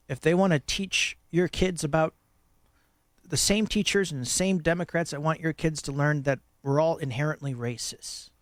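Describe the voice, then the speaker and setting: A man hosting a talk radio show, telling a parable and giving impassioned political commentary with emphatic pauses. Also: fairly high pitch, dry recording. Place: radio studio.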